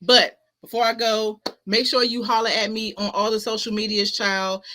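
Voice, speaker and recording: A woman's voice: a little high, level tone, normal speed, sharp tone, slight background noise. A woman hosting a spiritual talk stream, preaching self-worth emphatically with slang and repetition, speaking indoors at her home streaming setup. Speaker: host of a spiritual talk show. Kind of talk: casual motivational livestream talk. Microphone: ring light setup, webcam-style stream.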